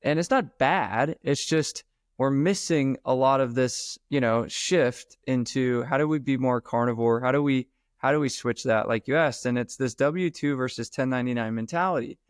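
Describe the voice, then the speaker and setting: A man being interviewed on a podcast about his sales book, talking in an emphatic, animated, casual way. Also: mid-range voice, moderate pace, clean tone, dry recording, studio quality. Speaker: author and sales trainer, guest.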